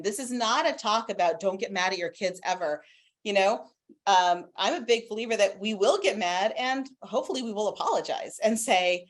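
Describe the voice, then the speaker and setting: A woman guest expert on a video call from home, talking animatedly about parenting and sharing stories from her own family. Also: fairly high pitch. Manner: warm, animated, with anecdotes. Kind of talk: conversational expert answers.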